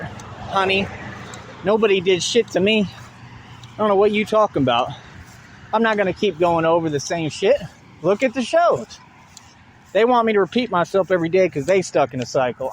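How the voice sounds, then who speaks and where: A man delivers a combative, profane rant that circles back on itself, in a fairly high voice. Faint street and car noise sits behind him. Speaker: online show host. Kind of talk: ranting monologue.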